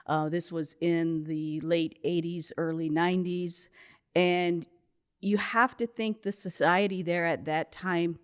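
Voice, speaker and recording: An older woman from the United States, giving a guest's measured, explanatory answers in an interview. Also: fairly low pitch, fairly even intonation, smooth.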